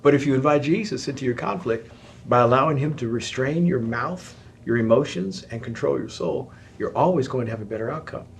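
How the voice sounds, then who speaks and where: Man, pastor, middle-aged, animated, conversational Q&A, faint noise behind. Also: mid-range voice, a little fast, creaky. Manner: animated, jokes about his own loudness. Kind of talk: conversational Q&A on marriage.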